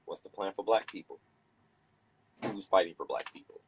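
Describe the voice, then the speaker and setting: Husky male host, fiery preacher-style ranting, profane and animated. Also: normal speed, long pauses, highs cut off. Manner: animated, preachy, profane, acts out others in swinging pitch. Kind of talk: heated casual discussion.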